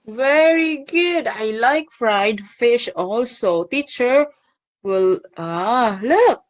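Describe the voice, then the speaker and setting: A woman's voice: a little high, expressive, extremely slow, dull audio. A woman teaching an online phonics lesson to a child, cheerful and encouraging, laughing often.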